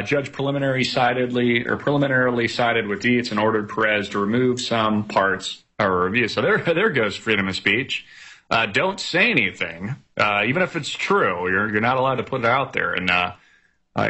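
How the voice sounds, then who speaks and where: A man reads out news stories and comments on them in a rambling, sarcastic way, stumbling through fillers. His voice is bright and forceful with a slightly husky edge. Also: medium pitch. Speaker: commentary show host.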